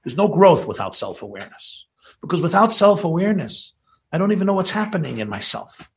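A man giving a sermon, building to emphatic peaks and dropping to soft asides. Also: on the high side, very animated, fairly quick, vocal fry.

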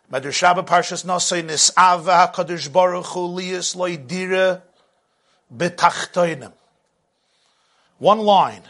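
Male religious teacher preaching; high, bright voice; lively delivery that swings between hushed and loud. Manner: animated, swings from hushed to loud, laughs at own jokes. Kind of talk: sermon.

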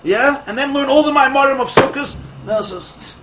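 A man teaching a Torah class to a live group of students, an animated storyteller who fires off rhetorical questions and laughs at his own jokes. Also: very high voice, normal speed, very noisy. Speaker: religious teacher.

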